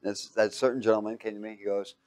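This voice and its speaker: A man giving a motivational talk to a live audience. He talks emphatically, swings from loud to hushed, and keeps quizzing listeners with fill-in questions. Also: lowish voice, little pitch movement, fast. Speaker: speaker teaching a live audience.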